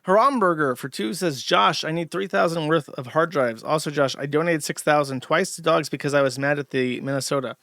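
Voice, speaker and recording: A man's voice: on the high side, fairly quick, few pauses, fairly bright tone, no room sound, studio quality. A man reading out viewer donations on his livestream and answering them in a blunt, profane, sardonic way. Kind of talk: casual livestream chat.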